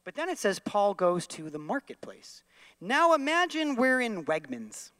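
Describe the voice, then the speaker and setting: Bright-voiced man preaching. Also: sits high, unhurried, dry recording. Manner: animated, leads the congregation in repeating lines. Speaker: pastor. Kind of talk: sermon.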